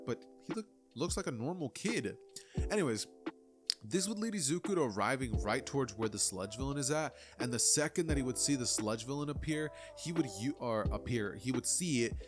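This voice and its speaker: A man telling an anime what-if story in a loose, rambling way, peppered with conversational asides. His voice sits at an ordinary middle pitch. Clear background music runs under the narration. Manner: rambling, filler-heavy, conversational.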